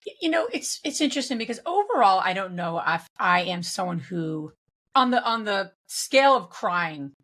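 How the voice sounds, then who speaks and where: A woman's voice: mid-range voice, sing-song, moderate pace, fairly bright tone. A woman guest in a conversational interview, speaking reflectively with frequent restarts and fillers. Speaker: guest, real estate investor.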